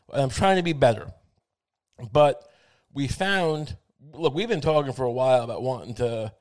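A man rambling through a comic monologue, self-mocking and profane, with frequent halting restarts. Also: medium pitch, darkish tone.

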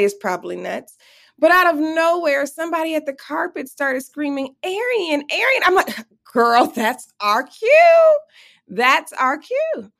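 A middle-aged woman telling a lively personal story as an interview guest, acting out the voices she quotes. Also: mid-range voice, gravelly. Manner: animated, acts out quoted voices.

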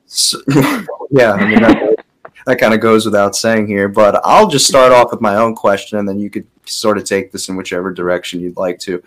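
A male podcast host eases into his questions with plenty of filler words and a relaxed, casual manner. His voice sits somewhat low. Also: normal speed, slight background noise, rough recording. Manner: relaxed, hedging with frequent fillers.

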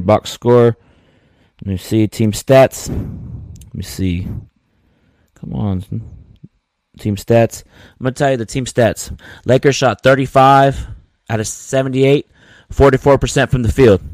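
A man's voice: mid-range voice, darkish tone, dry recording. A man hosting his own sports podcast, venting casually in slang with many repeated words. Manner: slangy, repetitive, frustrated venting.

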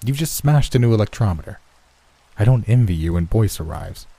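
A man voicing a firm, worried male lab colleague who urges a friend to calm down. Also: fairly low pitch, a little fast, breathy edge. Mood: urgent. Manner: firm, urging.

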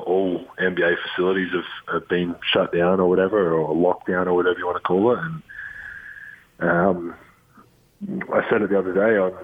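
An Australian man, a basketball player, talking from a room at home in a relaxed, rambling way with lots of ums and restarts. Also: low-pitched, breathy edge. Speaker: guest, professional basketball player. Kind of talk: casual interview over the phone. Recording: tinny phone line.

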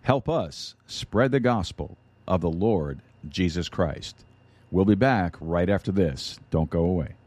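Male podcast host, deep and warm, loose chatty delivery with lots of fillers, dry close mic. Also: lively intonation, measured pace, slightly rough, dry recording. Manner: rambling with frequent fillers and restarts. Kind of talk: casual announcements.

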